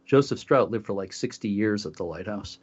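Male co-host, low voice, dull lo-fi sound, rambling chat storyteller. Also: a little fast, darkish tone, husky. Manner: rambling, many fillers and restarts. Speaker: podcast co-host. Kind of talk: casual conversational storytelling. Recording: dull lo-fi audio.

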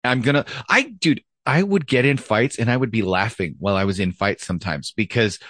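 Blunt, profane man with a low voice. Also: expressive, fairly quick, a bit bright, no room sound. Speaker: podcast host, former police officer. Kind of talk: casual podcast chat.

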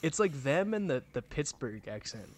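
Joking man, mid-pitched, loose podcast banter. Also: sing-song, normal speed. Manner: loose, joking, filler-heavy. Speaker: podcast co-host. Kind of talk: casual chat.

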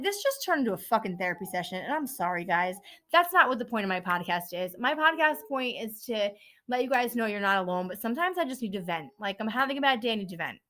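A woman's voice: a little high, fairly bright tone. A woman who works in a dental office front desk, hosting her own podcast and venting bluntly with plenty of swearing. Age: adult parent. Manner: frustrated, blunt, swears often.

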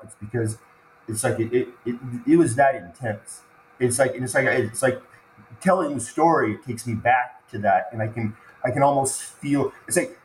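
A man tells a deeply personal story as a podcast guest, and his voice sits at an ordinary middle pitch. He stumbles, restarts and repeats words as the feeling catches up with him. The recording is echoey, with a faint hum of ambience behind him. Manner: halting, repeats words and restarts when moved.

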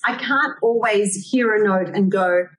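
A woman's voice: medium pitch, measured pace, far from the mic, rough recording. A woman hosting an interview, a singing teacher who speaks precisely and encouragingly about vocal technique. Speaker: podcast host, singing teacher.

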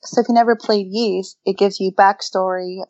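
A woman's voice: medium pitch, steady tone, moderate pace, a little mellow, no echo, muffled recording. A woman in a casual gaming chat, explaining games in a matter-of-fact way.

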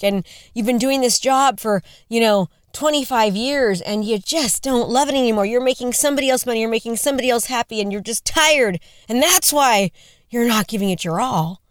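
A woman's voice: a little high, no room sound, studio quality. A woman in her forties giving a motivational talk, earnest and conversational, repeating questions for emphasis. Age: 40s. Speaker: motivational speaker.

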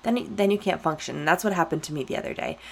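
A young woman talking on her own podcast in a loose, candid way, turning to her listeners often and leaning hard on her points. Her voice sits a little low for a woman. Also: expressive, fast, creaky, darkish tone, husky. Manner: candid, emphatic, talks straight to listeners. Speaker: podcast host. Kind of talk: casual solo podcast talk.

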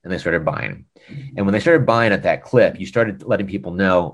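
Deep-voiced American man telling a story. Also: moderate pace. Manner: animated storyteller, acts out quoted dialogue. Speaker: former e-commerce director, podcast guest. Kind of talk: casual storytelling interview.

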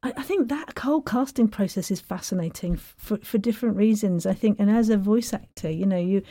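A woman's voice: medium pitch, dry recording. A woman who hosts a podcast and works as a voice actor, casually interviewing a guest and encouraging him. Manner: warm, encouraging, quick to agree.

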